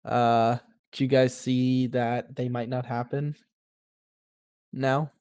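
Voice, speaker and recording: A man's voice: mid-range voice, flat delivery, slow, darkish tone, clean tone, no room sound. A young man on a podcast with an ordinary mid-range voice, tossing out random tangents. The sound is dry and close. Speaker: podcast co-host. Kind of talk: casual chat.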